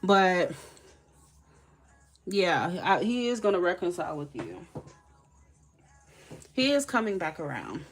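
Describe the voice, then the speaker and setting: A woman's voice: lowish voice, very animated, slow, pauses often, slight background noise. A woman reading tarot on a live stream, chatting casually with viewers and laughing often. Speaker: tarot reader.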